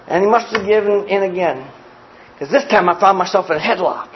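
Male preacher, high tenor, animated folksy storyteller; muffled live capture with a faint room hum. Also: brisk. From grew up poor in a small family. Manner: animated, folksy storyteller who acts out scenes. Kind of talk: storytelling sermon.

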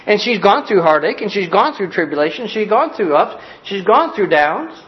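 A middle-aged man preaching a sermon as pastor, folksy and direct, swinging from loud urgent bursts to soft hushed lines. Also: sits high, big pitch swings, moderate pace, highs cut off. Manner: folksy, talks straight to the listeners.

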